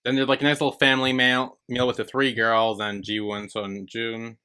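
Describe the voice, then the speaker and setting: Bright-voiced man in casual recap chat. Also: a little fast, smooth. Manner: animated, swears freely, acts out characters' lines. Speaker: podcast co-host. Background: squeaky chair.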